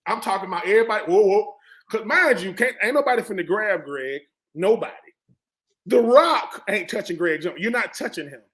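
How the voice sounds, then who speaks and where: A man in his forties, a former football player on a sports talk panel, telling stories in a lively way and acting out what others said. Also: high voice, a little fast. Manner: animated storyteller who acts out quoted voices.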